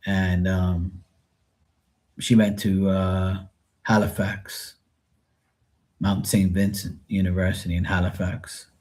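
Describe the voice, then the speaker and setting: A man's voice: sits low, flat delivery, takes it slowly, pauses often, darkish tone. A man from Bermuda with a Bermudian accent, chatting loosely and rambling to viewers of his live tarot stream. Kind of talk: casual live-stream chat.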